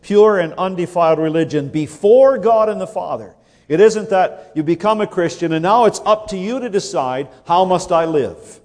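A man delivers a sermon in a slightly high voice, measured and emphatic. He presses his point through rhetorical questions and repetition, and a long reverb trails each phrase. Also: lively intonation, darkish tone. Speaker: preacher.

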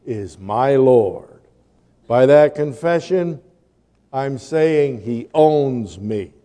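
A man preaching a sermon, slow and emphatic, building to forceful declarations. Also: mid-range voice, in a large hall.

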